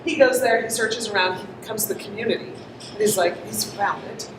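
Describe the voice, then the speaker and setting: A woman's voice: mid-range voice, steady tone, brisk. Chatty woman presenter, echoey room. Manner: chatty, asks the audience questions, laughs often. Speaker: conference presenter. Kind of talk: interactive storytelling talk to an audience. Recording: echoey room, distant mic, noisy.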